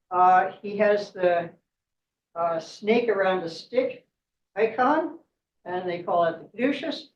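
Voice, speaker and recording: Fairly low-pitched and a little mellow, a woman guest speaker shares a myth at a club meeting, chatting, laughing often and asking "right?". The audio comes from a distant mic in an echoey room and sounds dull.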